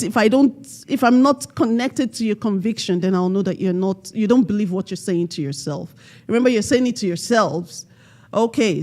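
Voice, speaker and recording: A woman delivers a motivational talk to a live audience at a community event, slowly stressing key words. She speaks at an unhurried pace in a mid-range voice. She quizzes the crowd and leads them through call-and-response. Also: medium pitch, mellow. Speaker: panel speaker.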